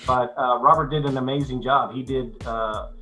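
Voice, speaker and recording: Older male actor guest, bright forward tone, halting with restarts, faint music bed. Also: mid-range voice, steady tone, low-quality recording. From United States. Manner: halting, many restarts and fillers, then clear and measured. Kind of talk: casual interview chat.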